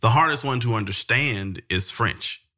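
A man co-hosting a casual podcast, telling stories in a relaxed way with frequent fillers. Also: mid-range voice, moderate pace. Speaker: podcast co-host.

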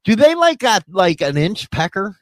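A male host tells animated, profane stories with loud bursts. His voice is high and swings widely in pitch. The sound is dry and close. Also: normal speed, no room sound. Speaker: podcast host. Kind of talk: casual chat reacting to clips.

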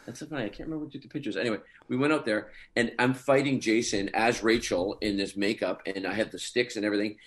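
Lowish in pitch and quick, with hardly any pauses, a middle-aged guest actor rattles off comic stories from behind the scenes. He keeps it casual and animated, often breaking into chuckles.

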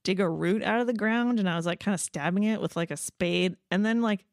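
A woman in casual podcast chat, animated, laughing often and acting out quoted voices. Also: medium pitch, fairly quick, no echo, clean studio sound.

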